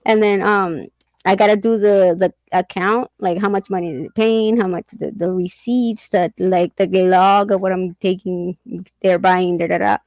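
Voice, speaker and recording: Gravelly woman, middle-aged, candid casual chat, dry close sound. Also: mid-range voice, steady tone, normal speed, a little mellow, no echo, low-quality recording. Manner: candid, swearing, laughs often. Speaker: host.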